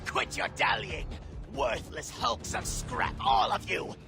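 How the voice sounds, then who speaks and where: A man's voice: fairly low pitch, sing-song, takes it slowly, music in the background. An actor playing a scheming, scornful robot lieutenant who barks sneering orders at his underlings. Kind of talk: video game voice acting.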